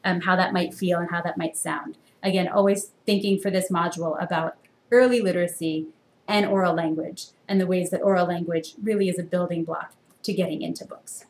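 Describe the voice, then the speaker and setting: A woman's voice: fairly low pitch, steady tone, fairly quick, a little mellow, a little hiss or hum. A woman university instructor giving a recorded lecture in a conversational way, with frequent fillers. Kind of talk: recorded lecture with read-aloud. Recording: echoey room.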